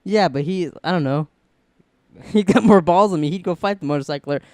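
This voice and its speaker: High-voiced young man telling a story. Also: fairly quick, no room sound. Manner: animated, laughing, swearing freely. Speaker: podcast co-host. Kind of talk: casual chat, storytelling. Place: at home.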